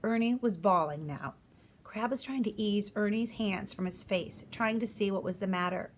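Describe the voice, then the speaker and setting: Woman reading a kids' novel out loud, plain middle-pitched voice. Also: moderate pace, slight background noise. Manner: reads aloud, voicing each character's lines. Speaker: audiobook reader. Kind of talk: storybook narration.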